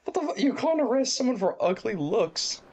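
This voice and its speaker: A man's voice: extremely high pitch, very animated, normal speed, darkish tone, a little hiss or hum. A man giving casual gameplay commentary as a let's play host, rambling and joking with lots of fillers.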